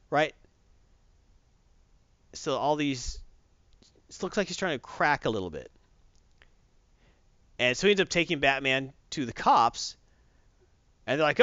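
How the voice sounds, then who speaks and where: A man co-hosting a casual podcast chat, telling a comic story in an animated way and acting out the quotes. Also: medium pitch, normal speed, pauses often, no room sound, lo-fi sound. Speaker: podcast co-host recapping comics.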